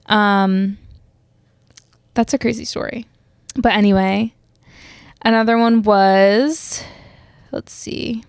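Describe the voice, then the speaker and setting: A young woman hosts a podcast in a loose, rambling way, full of fillers and restarts. Her voice sits at an ordinary pitch. The sound is dry and close, with no room echo. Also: creaky, a little mellow. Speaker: podcast host. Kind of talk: casual solo chat.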